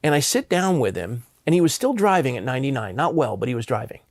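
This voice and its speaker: A man's voice: medium pitch, sing-song, quick pace, dry recording. A man in his fifties, a pastor from Southern California, earnestly telling personal stories in an interview. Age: 50s. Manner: earnest, impassioned.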